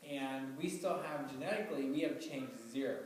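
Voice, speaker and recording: A man's voice: medium pitch, a little fast. A man, a doctor, gives an informal health lecture to a live audience, talking casually with many fillers and questions to the listeners. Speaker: doctor giving a health talk. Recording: very echoey room, mic far off, faint background hum.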